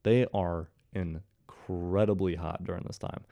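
A man's voice: deep voice, steady tone, measured pace, gravelly, warm tone, dry recording. A young man from Ohio in his twenties, telling a story to his viewers in a casual way, with sarcastic asides. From Ohio, USA. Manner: jokey, sarcastic asides to the audience. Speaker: commentary host.

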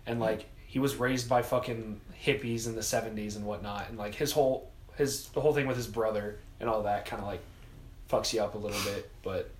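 A man's voice: on the low side, fairly even intonation, brisk, reverberant. A young man rambling casually in group chat, full of "like" fillers and swearing. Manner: rambling, profane, lots of likes.

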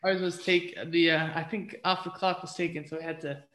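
A woman's voice: on the low side, flat delivery, brisk, a bit bright, slight background noise, poor audio. A woman guesting on a casual podcast chat, laid-back and a bit hesitant.

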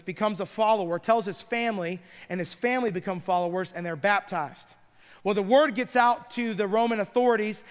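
A man's voice: high voice, big-room sound. A middle-aged man preaching a sermon, retelling scripture stories with playful asides. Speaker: pastor.

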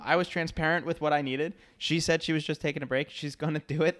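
Young male co-host, casual chat, calm and methodical, laughs easily. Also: on the high side. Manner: measured, laughs often, lays out points. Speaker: podcast co-host.

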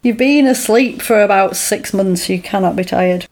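A woman chatting casually, retelling events with lively acted-out lines and laughs. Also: medium pitch, normal speed. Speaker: podcast co-host recapping a film. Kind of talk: casual chat.

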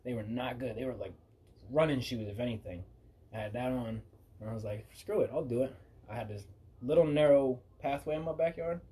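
A man hosting a podcast, telling loose, profane stories in a casual, animated way. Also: medium pitch, a little fast. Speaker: podcast host.

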